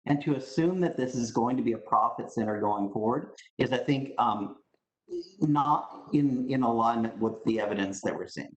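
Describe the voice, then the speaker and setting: A man's voice: mid-range voice, moderate pace, echoey room, poor audio. A man giving firm, emphatic remarks as a panelist in an online discussion.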